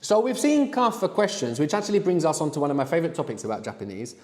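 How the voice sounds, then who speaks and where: A man teaching a live language workshop, explaining slowly and prompting his students to answer. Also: fairly high pitch, sing-song, long reverb tail. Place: room with students.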